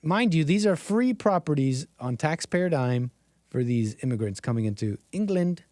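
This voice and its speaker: A man's voice: a little high, expressive, moderate pace, a little mellow, no room sound. A man streaming casual commentary over video clips, rambling and sarcastic, with frequent restarts.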